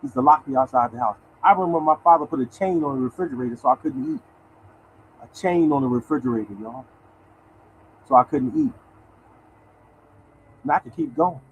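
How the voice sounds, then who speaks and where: A man's voice: mid-range voice, a little fast, long pauses, a little hiss or hum, rough recording. A man in his sixties hosting a lottery show, talking bluntly and swearing, speaking. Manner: animated, blunt, swearing, addresses audience as y'all. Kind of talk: casual monologue to viewers.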